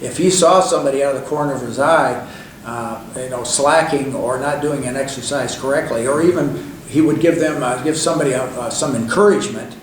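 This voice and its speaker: An older man, a guest in an interview, rambles through long anecdotes in a loose, conversational style full of fillers and restarts. His voice sits in the mid-range and moves briskly. The recording was made in an echoey room with a distant mic and faint hiss.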